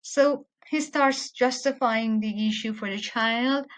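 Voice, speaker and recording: A woman teaching literature, patiently explaining a poem and slowing down to stress quoted lines. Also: on the high side, fairly bright tone. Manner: patient, repeats words while explaining. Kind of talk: explanatory lecture with poem reading.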